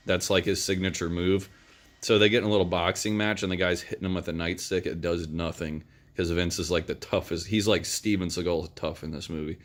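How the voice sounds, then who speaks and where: Low-voiced young guy, rambling casual reviewer, crude and loose. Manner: rambling, crude, many fillers. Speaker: movie reviewer.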